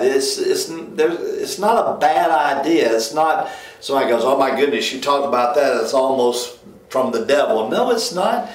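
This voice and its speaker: Co-hosting a church ministry talk show, a pastor talks in an emphatic, folksy manner. When he mocks other people his voice climbs high, and the room gives the recording a noticeable echo.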